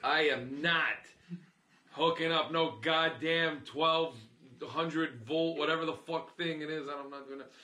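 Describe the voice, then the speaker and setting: A middle-aged man from Canada, a comedian hosting a casual podcast, telling loud swearing stories with put-on voices. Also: fairly high pitch, steady tone, unhurried, echoey room.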